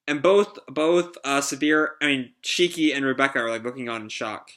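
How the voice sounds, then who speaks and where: A man's voice: medium pitch, normal speed, few pauses, bright, forceful tone. A man reading a manga chapter aloud and reacting, in casual, filler-heavy chat that now and then swears.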